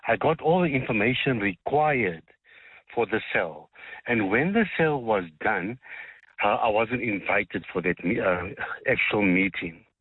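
A man's voice: fairly low pitch, animated, a little slow, husky, no room sound. A polite man calling in to a radio show from South Africa to explain a business dispute. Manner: polite, storytelling. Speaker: caller. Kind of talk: radio phone-in call. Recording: tinny phone line.

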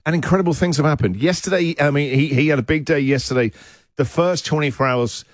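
A man hosting a radio show, teasing his co-host in quick, playful banter. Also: on the high side, no echo, studio quality. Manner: teasing, lively, quick to laugh.

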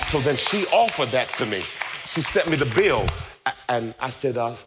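A man preaching a sermon, telling a personal story and rising to shouted, laughing praise. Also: mid-range voice, animated, moderate pace, noisy background. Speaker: pastor.

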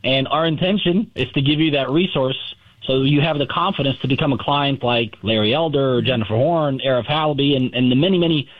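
A man's voice: medium pitch, a little fast. Explaining man on a dull line. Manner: explanatory, uses analogies, hesitant starts. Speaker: gold dealer guest. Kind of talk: radio interview segment.

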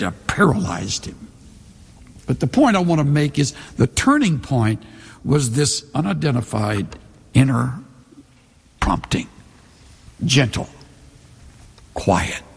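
A man preaching a sermon, reading scripture in a measured, dramatic way with slowed emphasis. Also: medium pitch, gravelly, slightly rough, big-room sound.

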